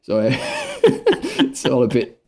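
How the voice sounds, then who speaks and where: A man chats through a wrestling recap in a casual, sarcastic way, with laughter breaking in often. His pitch sits in an ordinary middle range for a man. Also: huge pitch swings, takes it slowly, a little mellow. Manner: wry, sarcastic, laughs while narrating. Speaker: podcast co-host recapping wrestling. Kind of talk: casual comedic recap chat.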